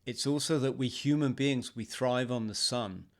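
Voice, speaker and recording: A British man hosting a podcast interview, talking in a measured, reflective way with some hesitations. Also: medium pitch. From Britain. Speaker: podcast host. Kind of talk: casual interview chat.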